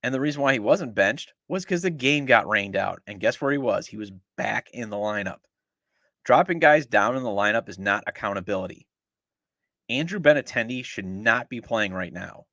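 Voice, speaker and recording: With a sharp tone and a fairly quick pace, a middle-aged sports podcast host rants sarcastically and in exasperation about his team. His voice is lowish, and the recording is dry and studio quality, full of opinionated sports talk.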